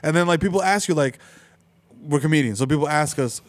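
A man's voice: on the high side, a little fast, no room sound. A man, a comedian hosting a podcast, rambling with lots of fillers. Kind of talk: casual chat.

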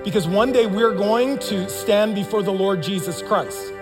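A man preaching a sermon as pastor of a church, earnest and emphatic, with sudden loud bursts. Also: sits high, measured pace. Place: church sanctuary. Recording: long reverb of a church hall, faint music.

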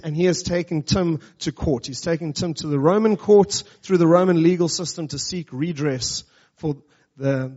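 Emphatic high-voiced male preacher. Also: a little mellow, dull audio. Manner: emphatic, conversational preaching with rhetorical questions. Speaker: pastor. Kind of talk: sermon.

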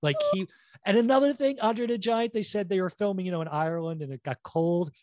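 A man's voice: high-pitched, a little fast, a little mellow, no echo. A man co-hosting a casual chat, animatedly telling anecdotes with lots of "like" and "you know".

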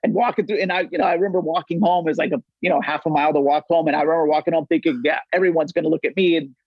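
A man's voice: a little high, steady tone, very fast, no room sound, dull audio. A middle-aged man from the Los Angeles area, chatting casually as a podcast guest in a rambling way, full of restarts and swearing. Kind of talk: casual chat.

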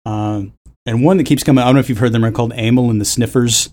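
A man's voice: mid-range voice, fairly even intonation, fast, a little mellow. Rambling, laughing man hosting a podcast. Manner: rambling, laughing, jumps into sung bits. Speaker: podcast host. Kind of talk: casual chat.

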